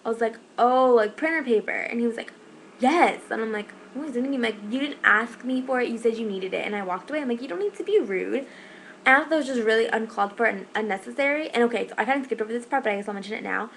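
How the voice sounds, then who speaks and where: A woman's voice: fairly high pitch, a bit bright, a little hiss or hum, rough recording. A young woman who manages a shift, telling a story in a casual vlog, rambling and exasperated, with lots of "like"s. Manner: fast, rambling, exasperated retelling with many "like"s.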